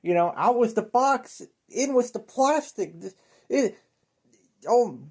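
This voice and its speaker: A man's voice: very high voice, animated, slow, darkish tone. Man ranting in a profane, erratic way. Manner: erratic, exasperated, swearing, rambling with restarts. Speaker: video creator. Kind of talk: profane comedic rant to camera.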